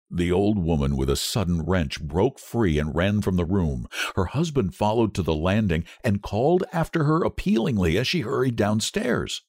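A man hosting a literature podcast, reading a story aloud in a measured, dramatic way. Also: sits low, big pitch swings, darkish tone, dry recording, clean studio sound. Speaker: podcast host and narrator. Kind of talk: scripted storytelling narration.

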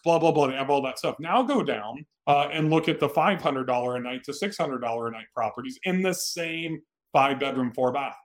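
A man hosting a solo podcast, giving direct, coaching advice in a plain-spoken way. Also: a little high. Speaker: podcast host.

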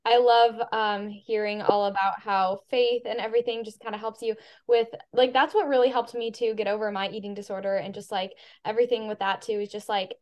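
A young woman hosting a podcast. She talks effusively and warmly, with many "like" and "um" fillers. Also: medium pitch, steady tone, a little fast, hardly any pauses. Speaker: podcast host. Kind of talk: casual podcast chat.

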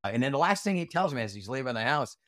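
Man, interview guest, middle pitch, blunt profane storytelling, dead dry sound. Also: sing-song, rapid-fire, a bit bright, no echo. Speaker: interview guest, retired Army sergeant.

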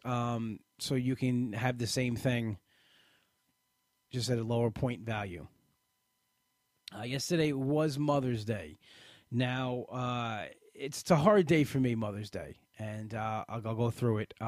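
The recording is dry, and this man's mid-range voice carries a darkish tone. Hosting a casual live podcast close to the mic, he rambles with restarts and fillers; he comes from an Italian-American family.

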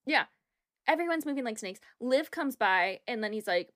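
Young female co-host, slightly high voice, expressive, salty casual talk. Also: brisk. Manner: expressive, swears freely, acts out quotes. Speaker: podcast co-host. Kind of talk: casual chat recapping a reality show.

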